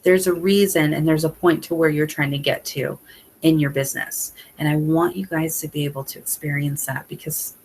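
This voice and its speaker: A woman's voice: low voice, fairly even intonation, normal speed, darkish tone, slight background noise. Chatty woman giving team tips. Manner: chatty, many fillers, earnest and emotional. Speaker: independent sales consultant. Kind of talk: casual motivational talk to a sales team.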